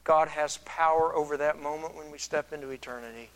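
An earnest male pastor delivers a sermon with a slightly higher-than-usual voice. He muses aloud and often restarts his words. He swells louder whenever he wants to stress a point. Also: steady tone, brisk, rough recording.

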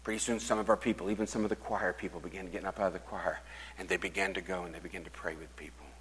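Older male preacher, lower voice, loud then whispered, in a reverberant church. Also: steady tone, racing, slight background noise. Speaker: pastor. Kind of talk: sermon storytelling.

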